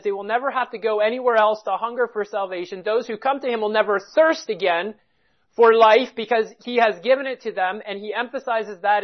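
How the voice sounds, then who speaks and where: Emphatic preacher on a dull lo-fi recording. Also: medium pitch. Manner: emphatic, repeats key points and reads scripture aloud. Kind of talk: expository Bible sermon.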